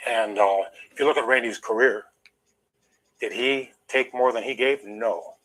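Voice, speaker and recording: A man's voice: mid-range voice, a little slow, fairly bright tone, low-quality recording. An older man, an interview guest, telling a long personal story in an emphatic, aggrieved way while holding back emotion.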